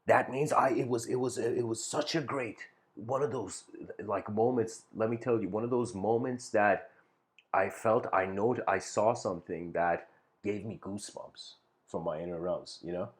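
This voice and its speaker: Rambling, low-voiced male lecturer. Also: moderate pace. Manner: rambling, with many fillers and restarts. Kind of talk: informal philosophical lecture.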